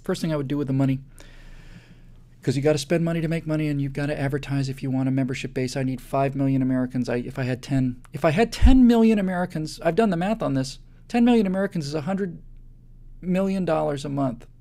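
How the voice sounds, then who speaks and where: A man's voice: on the high side, quick pace, warm tone. A man hosting a live show, delivering an impassioned monologue that builds into emphatic repetitions.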